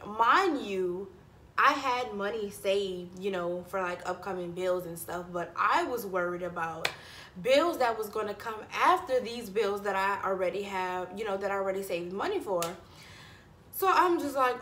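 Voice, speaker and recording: A young woman vlogging to camera, chatting in a stressed but animated storytelling way and addressing viewers directly. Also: medium pitch, normal speed, roomy sound. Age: young adult. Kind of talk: casual chat to camera.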